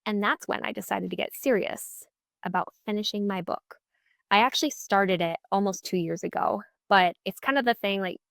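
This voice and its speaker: A woman's voice: mid-range voice, no echo, studio quality. A woman in her twenties hosting a podcast, telling a personal story in a chatty, upbeat way and acting out the dialogue she quotes. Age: 20s. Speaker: podcast host. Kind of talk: casual solo storytelling.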